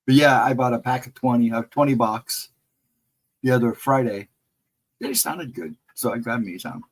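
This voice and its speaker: Heard through poor audio, a man at medium pitch and ordinary pace hosts a relaxed livestream chat. He wanders through stories and laughs a lot while addressing viewers.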